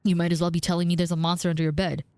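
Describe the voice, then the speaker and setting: A woman's voice: fairly low pitch, little pitch movement, racing, a little mellow, smooth, no room sound, natural voice. A woman reading the lines of a curt, dismissive young woman cousin from a story game, clipped and skeptical. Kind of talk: reading game dialogue aloud.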